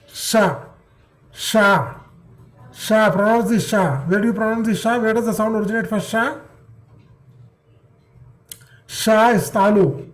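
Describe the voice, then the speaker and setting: A man's voice: high-pitched, moderate pace, long pauses. A man teaching an online class. He repeats syllables patiently and checks that the students follow. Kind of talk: online class drilling pronunciation.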